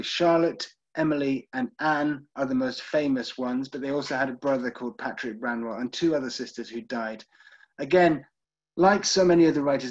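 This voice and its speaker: British male tour guide, chatty and informal, a bit husky, lo-fi online audio. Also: medium pitch. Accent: British English. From United Kingdom. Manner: chatty, checks in with listeners, frequent ums. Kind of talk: live online literary tour talk with poem readings.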